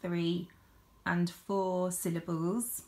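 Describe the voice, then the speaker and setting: Woman speech therapist, slow and encouraging, clear teaching delivery. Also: fairly low pitch, little pitch movement. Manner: slow, deliberate syllable-by-syllable speech; encouraging, gentle instruction.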